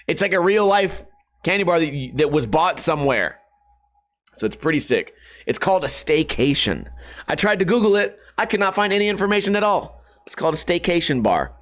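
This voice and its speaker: A man's voice: fairly high pitch, a bit bright. A man in his thirties talking casually to camera at home, rambling and joking with lots of swearing. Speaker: vlogger. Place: hot house.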